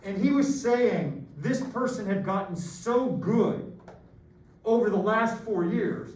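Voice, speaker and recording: High-voiced middle-aged math teacher. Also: male voice, slow pace. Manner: animated, joking, rambling. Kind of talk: classroom lecture with stories. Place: classroom. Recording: echoey room from far off, faint noise.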